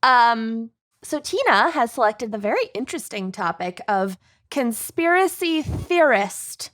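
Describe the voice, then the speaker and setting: A woman's voice: fairly high pitch, very animated, measured pace, a bit bright. A woman co-hosting a podcast in casual chat, loose and chatty, swearing freely. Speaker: podcast co-host.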